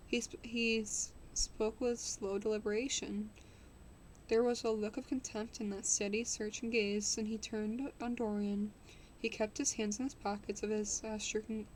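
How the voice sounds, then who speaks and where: A woman reads a classic novel aloud in a mid-pitched voice, stumbling and restarting words as she goes. She breaks off now and then for offhand remarks. A faint low rumble hums behind her. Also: darkish tone, poor audio. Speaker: reader streaming a book. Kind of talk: reading a novel aloud with asides.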